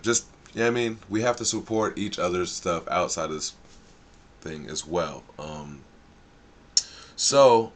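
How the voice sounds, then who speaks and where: This live-stream host's voice is low-pitched and a bit bright. He talks loosely in slang, rambling and easily distracted as he thinks aloud.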